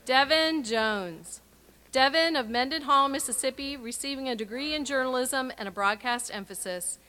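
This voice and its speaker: Bright-voiced woman announcing graduates. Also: high voice, moderate pace. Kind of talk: reading graduate names and messages. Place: university graduation ceremony.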